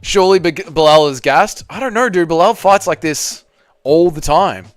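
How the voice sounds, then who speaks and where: A young man hosting a live watch party, reacting loudly to a fight, swearing and shouting at the screen. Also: fairly high pitch, moderate pace, no echo, clean studio sound. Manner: excitable, swears a lot, yells at the screen.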